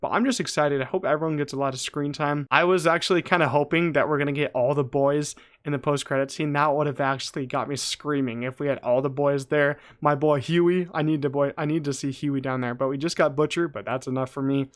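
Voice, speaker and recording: An excited young man talks straight to his viewers in a loose, rambling review. His voice sits a little high, and he keeps breaking off and restarting his sentences. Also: a little fast, few pauses. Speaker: YouTube show reviewer. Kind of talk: casual solo review talk.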